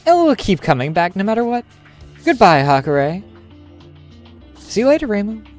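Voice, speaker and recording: A streamer voicing a defeated female villain henchman in a high, squeaky, defiant voice while reading game dialogue. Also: big pitch swings, normal speed, darkish tone, faint music behind, lightly acted.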